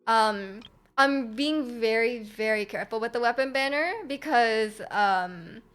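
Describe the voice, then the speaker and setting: A woman's voice: fairly high pitch, unhurried, fairly bright tone, clear, resonant tone. A woman streaming a game, chatting casually and giggling, rambling with lots of fillers. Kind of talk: casual chat while gaming.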